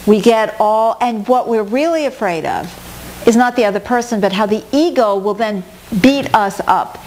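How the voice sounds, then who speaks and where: Animated middle-aged woman teacher. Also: on the high side, normal speed, a little hiss or hum. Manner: animated, acts out quoted inner voices. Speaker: workshop teacher. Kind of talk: spoken talk on personal growth.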